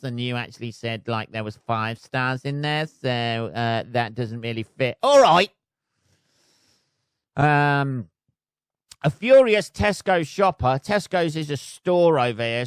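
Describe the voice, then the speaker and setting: A man's voice: fairly high pitch, no echo, studio quality. A British man hosting a solo podcast, reading out news stories with sweary, sarcastic commentary. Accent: British English. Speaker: podcast host.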